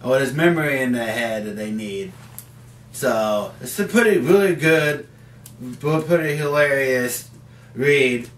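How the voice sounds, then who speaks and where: A man's voice: medium pitch, slow, fairly bright tone. Guy rambling about comics in his basement, lots of uhs, sounds far off and roomy. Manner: rambling, many fillers and restarts. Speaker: comic book vlogger. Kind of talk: casual comic review vlog. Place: home basement. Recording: roomy, mic at a distance.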